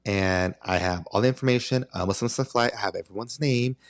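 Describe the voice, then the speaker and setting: A man's voice: on the low side, fast talker. A man hosting a podcast, telling a long story in a casual, dramatic way and acting out the exchanges. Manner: animated, dramatic storyteller who acts out exchanges. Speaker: podcast host.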